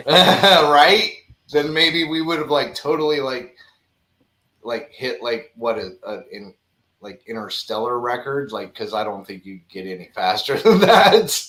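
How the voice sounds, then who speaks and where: A man's voice: medium pitch, a little slow, pushed and bright. Rambling man hosting in a roomy space. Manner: rambling, full of "like" fillers and chuckles. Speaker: livestream host. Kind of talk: casual livestream chat. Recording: roomy echo.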